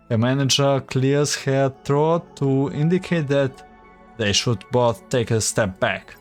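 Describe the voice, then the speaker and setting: Chill guy reading a game's story out loud, slow, correcting himself, light music under it. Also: mid-range voice. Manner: offhand, self-correcting. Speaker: game story reader. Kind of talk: casual narration with commentary.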